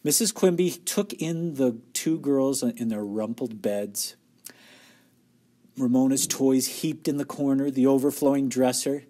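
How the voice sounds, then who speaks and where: A man's voice: medium pitch, a little slow, mellow. Man reading a children's book aloud. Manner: friendly asides to young listeners. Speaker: storybook reader.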